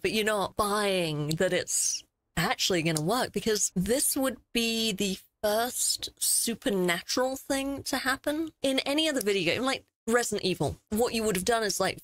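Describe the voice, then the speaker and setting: A young woman streaming a horror game, excitable and easily scared, swearing often as she plays. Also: medium pitch, dry recording. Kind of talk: gaming commentary.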